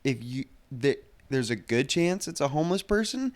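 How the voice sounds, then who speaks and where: A young man co-hosting a podcast, telling a story in a casual, animated way, swearing and laughing as he goes. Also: medium pitch, normal speed. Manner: animated, profane, laughs through stories. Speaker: podcast co-host.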